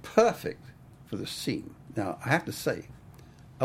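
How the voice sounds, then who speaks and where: A man's voice: medium pitch, wildly swooping pitch, normal speed, a bit bright, a little hiss or hum. An older man, a cinematographer, telling stories in a casual interview, rambling with plenty of "I mean" and "you know".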